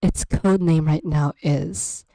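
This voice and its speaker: A woman's voice: sits low, steady tone, slow, vocal fry, dark tone, no echo. A woman chatting casually on a stream from her room, rambling and giggling and trailing off into filler. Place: home room. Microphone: USB desk microphone.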